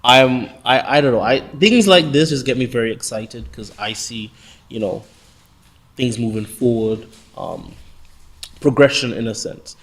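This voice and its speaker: A man's voice: mid-range voice, animated, unhurried. A man hosting a casual discussion, eager and rambling, with many fillers.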